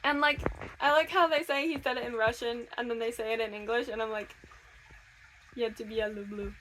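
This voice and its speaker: A young woman from Michigan chatting casually in a reading vlog, gushing and excitable. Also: fairly high pitch, quick pace, a little hiss or hum. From Michigan, USA. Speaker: book vlogger. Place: camper.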